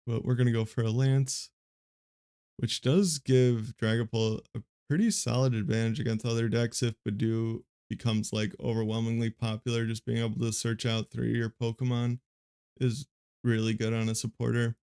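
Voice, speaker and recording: Monotone young man with gravelly voice. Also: medium pitch, normal speed. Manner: monotone, rambling with many fillers. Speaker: streamer commenting on a card game match. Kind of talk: casual live play-by-play commentary.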